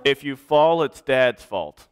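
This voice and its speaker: A man's voice: medium pitch, lively intonation, slow pace, smooth. A man, a pastor, telling a children's story during a church service and directing children to act parts out.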